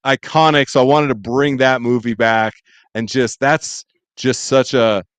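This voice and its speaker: A man co-hosting a casual podcast, enthusiastic and quick to laugh as he recalls favorite scenes. His voice is smooth and resonant, at an average pitch. The sound is dry and close. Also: steady tone, a bit bright, no echo. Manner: enthusiastic, laughs often, quotes movie lines. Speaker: podcast co-host.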